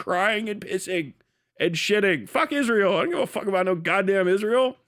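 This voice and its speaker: A man's voice: high-pitched, animated, normal speed, fairly bright tone. A man hosting a livestream, ranting heatedly and profanely, mocking and breaking into laughs. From United States. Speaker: livestream host.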